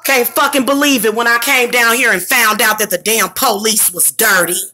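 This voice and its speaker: A woman venting angrily in a profane vlog rant, with bursts of shouting. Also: on the high side, steady tone, moderate pace. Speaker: vlogger. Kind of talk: angry ranting vlog.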